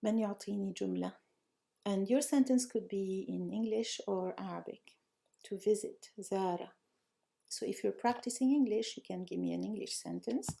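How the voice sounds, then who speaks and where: A woman's voice: medium pitch, fairly quick, creaky, warm tone. A woman teaching a live online language lesson, praising students often and reading out and correcting their answers.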